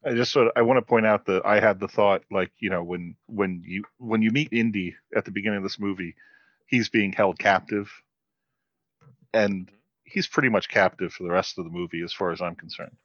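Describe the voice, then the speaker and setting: A man co-hosting a podcast, giving measured, critical commentary in casual chat. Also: lowish voice, fairly even intonation, a bit bright, dry recording, dull audio. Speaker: podcast co-host.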